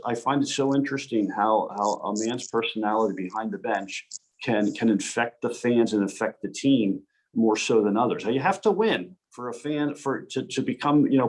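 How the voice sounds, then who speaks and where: A man, a hockey referee as guest speaker, telling animated anecdotes with frequent restarts over a video call. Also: mid-range voice. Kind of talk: storytelling presentation.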